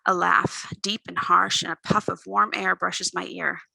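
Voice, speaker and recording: A woman author reading her own novel aloud in an expressive first-person storytelling voice. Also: lowish voice, a little slow, vocal fry, slightly rough, no echo, rough recording.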